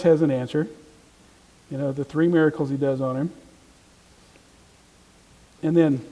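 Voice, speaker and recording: A man with a fairly high voice leads a church Bible class, mixing casual asides with animated scripture reading. His voice trails off into a long reverb in the church room. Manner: conversational, reads scripture aloud with lively emphasis. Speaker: Bible study teacher.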